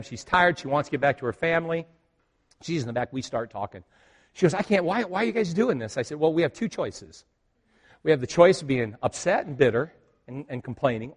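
A middle-aged male pastor telling a personal story in a sermon, acting out the lines of the people in it. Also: fairly high pitch.

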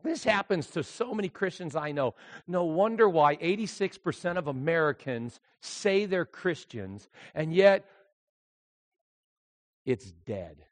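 A male pastor preaching a sermon, moving between quiet, intimate storytelling and loud, shouted exhortation. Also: sits high, expressive, normal speed, dry recording.

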